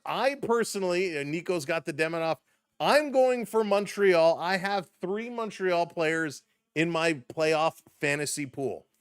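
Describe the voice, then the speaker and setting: A man hosting a live hockey watch stream, calling the action and greeting chat viewers by name with excited energy. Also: fairly high pitch, smooth, dry recording, clean studio sound. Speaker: live stream host and play-by-play commentator.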